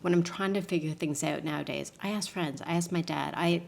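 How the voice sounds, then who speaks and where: Lively woman telling a story. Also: deep voice, fairly quick, gravelly. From Canada. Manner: acts out quotes with lively voice shifts and laughs. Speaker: podcast guest. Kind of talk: animated personal storytelling.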